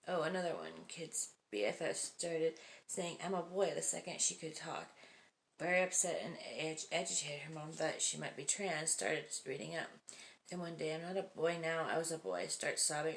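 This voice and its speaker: A woman with a low, gravelly voice reads short spooky stories aloud as the host of her video. She breaks off for casual comments, laughing often and dropping into hushed, whispered asides. A faint hiss sits under her voice. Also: animated, normal speed.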